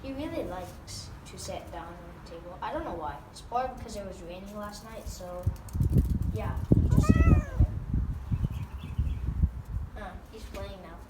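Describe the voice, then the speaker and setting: A woman's voice: medium pitch, brisk, hardly any pauses. A woman chatting casually while filming her cat at home, doting and rambling with fillers and restarts. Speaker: pet vlogger. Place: at home near a backyard. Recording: roomy, distant mic, noisy background.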